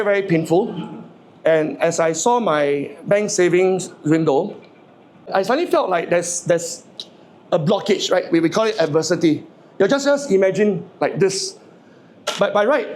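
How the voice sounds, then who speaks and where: High-voiced man giving a funny speech. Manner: lively, stammers and repeats words, jokes and asks the audience questions. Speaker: motivational speaker. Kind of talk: humorous public speech to a live audience.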